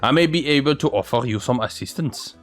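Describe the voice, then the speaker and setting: A man's voice: medium pitch, animated, fairly quick, faint music behind, natural voice. A man voicing a pompous, chuckling old lawyer in a game.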